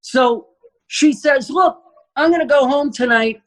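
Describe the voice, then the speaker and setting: A man's voice: very high-pitched, measured pace, slight background noise, low-quality recording. Profane New man telling stories. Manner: animated, profane storyteller acting out quotes. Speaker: guest comedian. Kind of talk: comedic storytelling.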